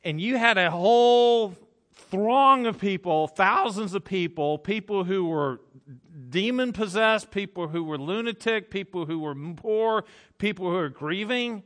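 A man delivering a sermon in a somewhat high voice. He tells his story dramatically, acting out the crowd's reactions, and swings between loud bursts and quiet, hushed passages. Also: unhurried. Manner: animated, acts out crowd reactions. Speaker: preacher.

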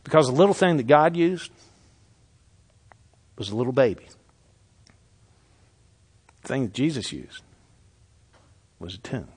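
Man preaching with dramatic hushed swings. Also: mid-range voice, sing-song, unhurried, long pauses, husky. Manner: dramatic scripture reading, swings from loud to hushed. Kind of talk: sermon.

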